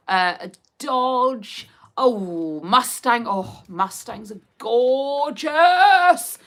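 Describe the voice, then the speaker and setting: A woman's voice: a little high, fairly bright tone. A woman with a Hertfordshire accent, chatting casually and giggling as she reads out viewer comments on her live stream. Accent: Hertfordshire English. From Hertfordshire, England. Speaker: livestream host.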